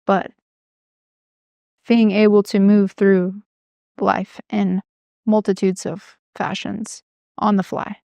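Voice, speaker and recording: A woman's voice: mid-range voice, little pitch movement, slow, vocal fry, pauses often, darkish tone, no echo. A woman co-hosting a podcast, chatting casually and explaining her ideas in a reflective way with many fillers. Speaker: podcast co-host. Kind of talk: casual chat.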